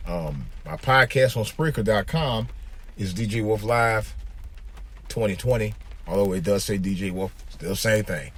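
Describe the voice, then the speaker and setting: Low husky man talking while driving. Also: a little slow, fairly bright tone. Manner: rambling, repeats himself, many fillers. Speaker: podcast host. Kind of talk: casual monologue. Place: in a car, driving.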